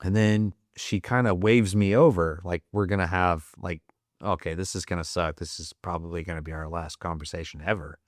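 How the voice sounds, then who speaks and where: A man from the United States, a Marine veteran guest on a podcast, telling a personal story candidly, with heavy swearing, fillers and halting restarts, choked up and teary. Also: low voice, fairly even intonation, no echo, clean studio sound. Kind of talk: emotional storytelling in a podcast interview.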